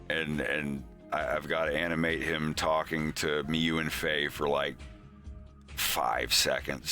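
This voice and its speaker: A man's voice: low voice, sharp tone. A man hosting a casual animation progress stream, rambling with many restarts and casual swearing. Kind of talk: casual live-stream chat.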